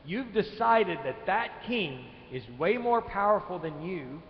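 A man preaching a sermon, swinging from loud emphatic lines to quiet ones, in a church sanctuary. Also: high voice, lively intonation, a little slow. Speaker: pastor. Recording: echoey church hall, dull live stream.

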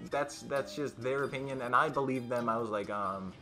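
A teenage boy telling a storytime vlog in a casual, rambling way, with many fillers and restarts, getting loud when quoting his friends. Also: mid-range voice, normal speed. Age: teens. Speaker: YouTuber.

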